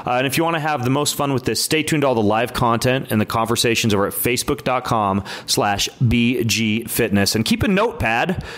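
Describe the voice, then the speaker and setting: A man's voice: medium pitch, animated, brisk, few pauses, a bit bright. A man hosting a podcast intro, upbeat and teasing his co-host. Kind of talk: casual podcast intro chat.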